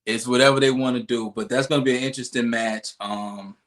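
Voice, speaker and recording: A young man co-hosting a podcast, recapping wrestling in lively casual chat with playful asides. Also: mid-range voice, a little fast. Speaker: podcast co-host.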